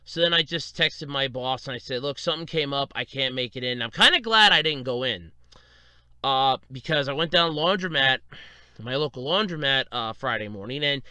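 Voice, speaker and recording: In this casual solo podcast monologue, the host's clear, resonant, mid-range voice moves at a moderate pace with no echo. He rambles through stories from his week, animatedly acting out what others said and laughing along.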